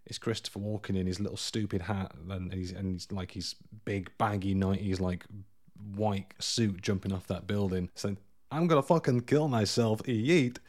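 Man, podcast co-host, lowish voice, rambling, laughs a lot. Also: flat delivery, normal speed. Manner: rambling, self-deprecating, laughs often. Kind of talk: casual film chat.

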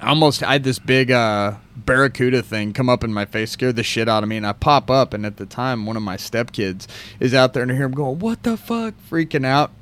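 A man's voice: mid-range voice, brisk, clean tone. A man co-hosting a casual podcast, telling stories and acting out the people he quotes. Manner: animated storyteller, acts out quoted voices. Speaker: podcast co-host. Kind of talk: casual storytelling.

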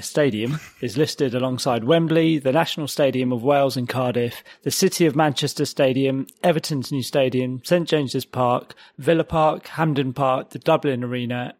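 Man reading a steady list. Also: medium pitch, no echo. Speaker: podcast co-host. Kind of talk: reading out news items.

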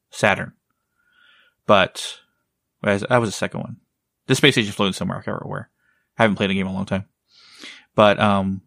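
A man's voice: lowish voice, vocal fry, fairly bright tone, no echo, clean studio sound. A man chatting casually as a podcast co-host, rambling, leaning on "like" and "right?", and swearing now and then. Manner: rambling, heavy use of "like" and "right?". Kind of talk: casual chat.

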